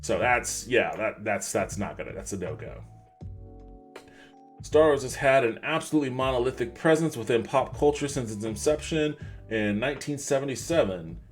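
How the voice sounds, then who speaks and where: Male podcast host with an average-pitched voice, casual and wry, reads news articles aloud and trips over names. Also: expressive, normal speed, soft background music. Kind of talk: livestream podcast, reading articles aloud with commentary.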